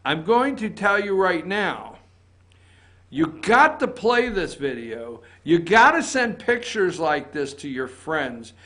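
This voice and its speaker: High-voiced indignant male political commentator. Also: sing-song, slow pace, a bit bright. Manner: indignant, emphatic, repeats points. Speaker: host of a political opinion show. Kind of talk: opinion commentary.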